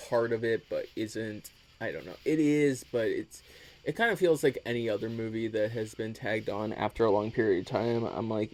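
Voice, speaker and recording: A man's voice: lowish voice, darkish tone. A man talking casually in a hesitant, rambling monologue, full of "um"s and swearing. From United States. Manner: hesitant, full of filler ums, profane. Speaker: vlogger.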